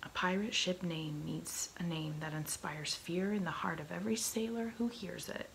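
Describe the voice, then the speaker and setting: A woman's voice: on the low side, normal speed, creaky, a bit bright, slight background noise, poor audio. A woman whispering a vain, short-tempered male pirate captain in a whispered role-play. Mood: gruff.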